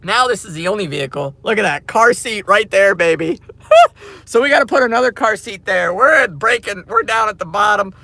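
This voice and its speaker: Excitable, slangy guy vlogging to camera; high, gravelly voice, laughs a lot. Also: brisk, no echo. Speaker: crypto mining vlogger. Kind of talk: casual rant to camera.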